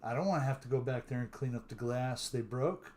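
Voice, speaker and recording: A man's voice: mid-range voice, darkish tone. An older man hosting a live stream, telling stories in a casual, drawling way and greeting viewers by name. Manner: chatty storyteller who greets viewers by name; drawling, unhurried talk.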